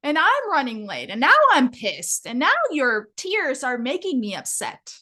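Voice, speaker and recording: A woman voicing a hurried, exasperated Mexican mother who scolds her young daughter, with a Mexican accent and a high, emphatic, rushed delivery. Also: big pitch swings, sharp tone, full character voice.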